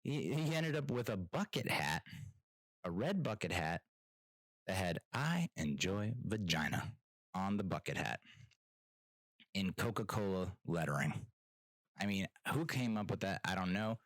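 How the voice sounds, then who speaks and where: A man's voice: low-pitched, animated, moderate pace, long pauses, no room sound, rough recording. A man hosting his own podcast, telling rambling, self-mocking stories in casual solo chat. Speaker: podcast host.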